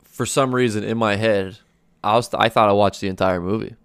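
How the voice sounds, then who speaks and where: A man co-hosting a podcast in casual chat, agreeable and quick to affirm his partner. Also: on the low side, steady tone, a bit bright, smooth, no echo, clean studio sound. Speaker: podcast co-host.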